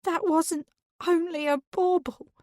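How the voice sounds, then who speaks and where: A woman voicing a theatrical, tearful middle-aged woman in an audiobook, with high, wailing, sobbing outbursts. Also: steady tone, takes it slowly, darkish tone, no echo, clean studio sound. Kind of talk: audiobook character voice.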